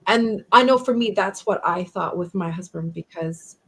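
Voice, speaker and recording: A woman's voice: on the low side, moderate pace, sharp tone, breathy edge, rough recording. A woman hosting a live-stream chat, talking in an earnest, emotional and empathetic way. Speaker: host.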